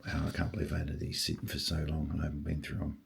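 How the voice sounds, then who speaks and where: An older man who collects stamps, talking casually and husky-voiced, murmuring and exclaiming to himself as he sorts. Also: rumbling low, completely flat delivery, very fast, a little hiss or hum. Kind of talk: casual vlog, thinking aloud while sorting.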